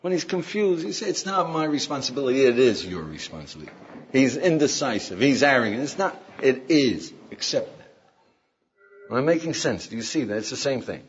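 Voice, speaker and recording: Animated older man lecturing a class. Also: mid-range voice, normal speed, slight background noise. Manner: animated, asks the class questions, acts out quotes. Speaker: rabbi teaching a class. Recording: dull lo-fi lecture recording.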